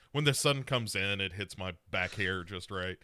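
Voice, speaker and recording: A man's voice: low voice, unhurried, bright, forceful tone. A male podcast co-host recapping films in casual chat, telling the story with animation and acting out the characters.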